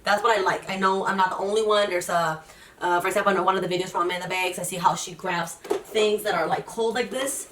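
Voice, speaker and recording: Fast-talking young woman in an echoey room. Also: medium pitch, a bit bright, distant mic, slight background noise. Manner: chatty, rambling, many fillers and restarts. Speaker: vlogger. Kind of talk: casual personal vlog.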